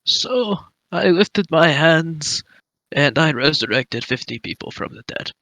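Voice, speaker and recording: A man playing a tabletop game, speaking in character with slow, drawn-out storytelling. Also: on the high side, expressive, bright, forceful tone, dry recording. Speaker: player. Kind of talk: in-character role-play.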